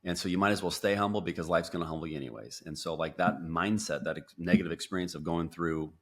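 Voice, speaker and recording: A very deep-voiced man, a guest on a podcast, tells his story quickly in a storytelling interview. He speaks in bursts with lots of restarts and acts out things he once said.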